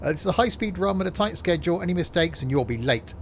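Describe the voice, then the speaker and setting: A man casually commenting while playing a train simulator, chatty and self-mocking, quick to exasperation. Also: sits high, expressive, a little hiss or hum.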